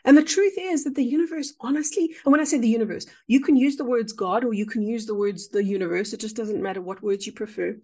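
A woman's voice: a little high, fast, few pauses. A woman, a podcast guest speaking earnestly and expressively about spiritual matters. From South Africa. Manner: earnest, expressive, shifting pace. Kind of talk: spiritual conversation.

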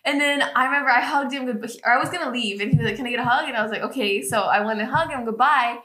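A woman's voice: fairly high pitch, quick pace. A young woman in casual chat, animatedly retelling a story and acting out what people said. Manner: animated, laughing storyteller who acts out quotes. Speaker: guest, girlfriend. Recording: echoey room.

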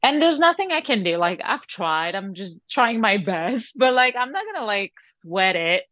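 A woman's voice: mid-range voice, animated, normal speed, a bit bright, no echo, highs cut off. A young woman with a French accent, raised in France, chatting casually as an interview guest and laughing often. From Lebanon, raised in France. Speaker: guest, singer.

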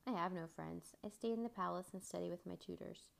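A woman's voice: on the low side, a little fast, vocal fry. A woman reading as a formal young boy prince. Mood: earnest. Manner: formal, no contractions.

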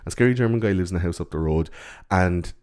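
A man's voice: low voice, fast, darkish tone. A man chatting casually about a movie, swearing and acting out quotes. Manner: profane, acts out quotes in silly voices.

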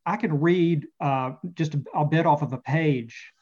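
A man, an author and interview guest, talking about his novel and reading passages from it, with halting speech full of fillers and repeated words, on muffled lo-fi audio. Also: fairly high pitch, darkish tone.

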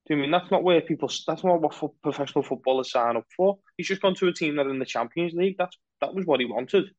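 A man's voice: on the high side, quick pace, dry recording. Rambling man, dry muffled sound. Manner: rambling, animated opinions. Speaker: podcast co-host. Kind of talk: casual football chat.

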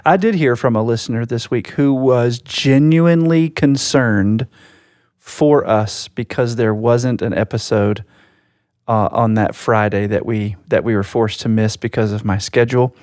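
A man's voice: mid-range voice, a little slow, a little mellow, no echo, clean studio sound. Easygoing man co-hosting a podcast. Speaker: podcast co-host. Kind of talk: casual chat.

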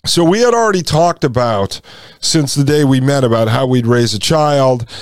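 A man's voice: medium pitch, expressive, moderate pace, dry recording, clean studio sound. A man in his forties hosting a podcast, telling a personal story in a casual, conversational way and acting out the dialogue he quotes. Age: 40s. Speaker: podcast host.

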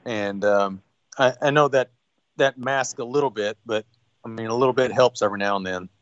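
A man's voice: medium pitch, normal speed, dry recording. A man hosting a casual chat, with brief, easygoing remarks. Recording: dry, dull lo-fi line.

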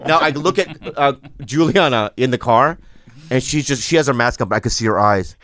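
A man in casual podcast chat, telling a story with lots of energy and acting out other people's voices loudly. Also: medium pitch, lively intonation, fairly quick.

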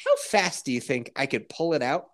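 A man's voice: medium pitch, moderate pace. A man telling a comic story on a podcast in casual, profane chat, acting out everyone's reactions as he goes. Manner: animated, profane, acts out others' reactions.

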